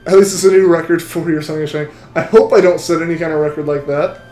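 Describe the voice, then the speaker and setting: A man's voice: fairly high pitch, steady tone, fast, a little mellow, reverberant, soft background music. A young man live-streaming a game, chatting with viewers in a rambling, casual way. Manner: rambling, chatty, full of restarts. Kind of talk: live-stream chat while shiny hunting.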